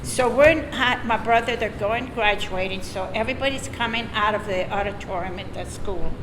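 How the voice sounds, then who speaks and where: An older woman from Florida tells stories from her youth in a casual, lively way and laughs often. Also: mid-range voice, moderate pace. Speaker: oral history storyteller. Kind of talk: casual storytelling. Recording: echoey hall, noisy room.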